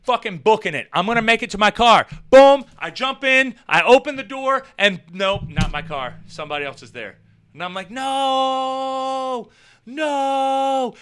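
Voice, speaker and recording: A man hosting his own show, telling rambling comic stories in a casual, animated way with swearing. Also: high-pitched. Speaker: show host. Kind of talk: casual comedic storytelling.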